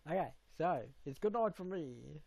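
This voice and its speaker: A man chatting casually on a live stream, giggly and playful, sometimes breaking into high squeals. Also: expressive, moderate pace, gravelly, darkish tone, no echo.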